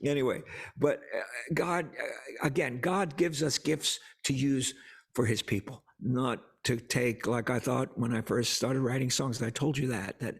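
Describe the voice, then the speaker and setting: An older man with a gravelly, husky voice at a middling pitch, talking as a guest songwriter. He tells stories earnestly and stumbles over repeated words when he is moved. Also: a little slow. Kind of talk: casual conversation about faith.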